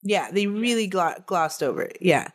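A woman's voice: on the low side, animated, normal speed. A woman co-hosting a podcast, telling a true-crime case in a casual, chatty way and laughing between the facts.

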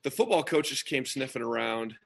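A man, relaxed and easygoing, talking in a sleepy early-morning voice on a remote call. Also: medium pitch, moderate pace, vocal fry. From Nebraska. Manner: relaxed, easygoing, frequent ums. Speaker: guest, high school coach and former athlete. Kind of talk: casual interview storytelling.

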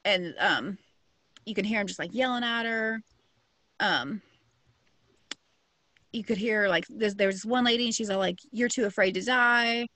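A woman's voice: mid-range voice, moderate pace, pauses often, bright, forceful tone, no room sound. A woman casually telling a true crime story to a co-host, full of fillers and slang. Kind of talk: casual chat.

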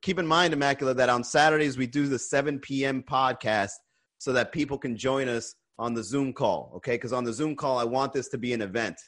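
A man's voice: mid-range voice, a little fast, fairly bright tone. A man hosting a live-streamed comedy podcast, chatting loosely with viewers, swearing and ranting between laughs. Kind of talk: casual chat reading viewer comments.

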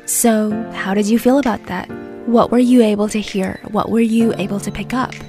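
A woman hosting an English lesson in a gentle, slow, explanatory way. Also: mid-range voice, steady tone, music in the background. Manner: gentle, explanatory, speaks slowly. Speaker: English teacher and host. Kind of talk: casual lesson talk. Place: based in the US.

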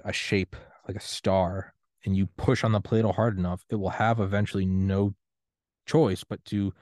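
A man's voice: lowish voice, a little mellow, no room sound, studio quality. A man in his thirties hosting a solo podcast rant, profane, defiant and impassioned. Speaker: podcast host.

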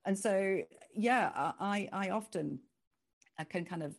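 A woman's voice: medium pitch, unhurried, vocal fry. A woman, talking animatedly as an author guest in an interview. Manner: animated, expressive, laughs easily. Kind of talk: conversational interview.

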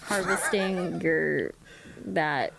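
Halting woman podcast host. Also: fairly low pitch, creaky, a loud crowd. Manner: halting, searching for words with many fillers. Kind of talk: casual chat.

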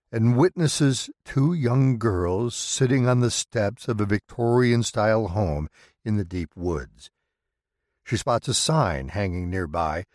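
Low-voiced man narrating a horror tale. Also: darkish tone, no echo, studio quality. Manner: measured, dramatic delivery. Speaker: storytelling podcast narrator. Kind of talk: scripted horror story narration.

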